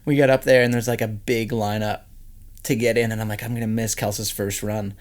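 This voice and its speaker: A man from Canada, a podcast guest telling stories in casual chat, animated and laughing often. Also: lowish voice, a little fast. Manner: animated storyteller who laughs often and puts on quoted voices.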